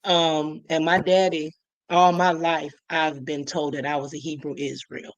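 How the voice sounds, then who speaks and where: A woman from Illinois giving a personal testimony, halting and often restarting. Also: deep voice, little pitch movement, no room sound, dull audio. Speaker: guest.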